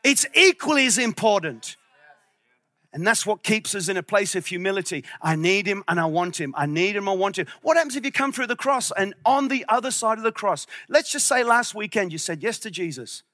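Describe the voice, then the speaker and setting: High-voiced passionate male preacher. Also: expressive, brisk, no room sound, clean studio sound. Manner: passionate, at times shouting. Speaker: pastor. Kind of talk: sermon.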